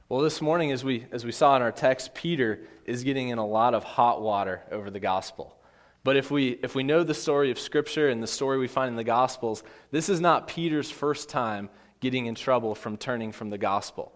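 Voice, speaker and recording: A man's voice: medium pitch, a little fast. A man preaching a sermon, telling a Bible story with acted voices and emphatic repetition. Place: church. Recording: long hall reverb.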